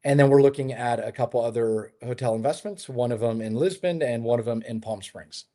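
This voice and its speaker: Guy w/ a middle-pitched voice chatting on a remote interview, rambly, lots of ums and restarts. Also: fairly quick, warm tone. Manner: chatty storyteller, many fillers and restarts. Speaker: hotel developer, interview guest. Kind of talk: casual conversational interview. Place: his home in Lisbon.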